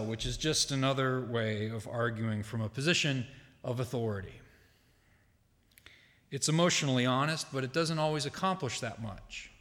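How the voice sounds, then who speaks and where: A man preaching a sermon from a church pulpit, measured and deliberate, with emphatic quoted lines and casual asides to the congregation. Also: medium pitch, fairly bright tone. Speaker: pastor. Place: church sanctuary. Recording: long hall reverb.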